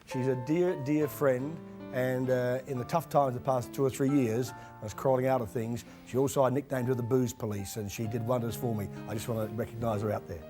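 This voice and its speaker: A man's voice: medium pitch, fairly even intonation, brisk, over music. A man in his fifties, the guest of honour, telling stories bluntly on a studio stage. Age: 50s. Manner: blunt, emphatic storyteller. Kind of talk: candid conversation on stage.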